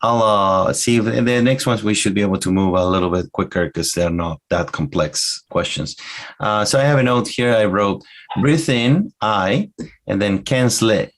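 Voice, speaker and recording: A man's voice: fairly low pitch, moderate pace, fairly bright tone. A man from Argentina with an Argentine Spanish accent, a native Spanish speaker co-hosting a podcast, talking carefully and with some hesitation. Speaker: podcast co-host, English learner. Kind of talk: casual language-learning chat.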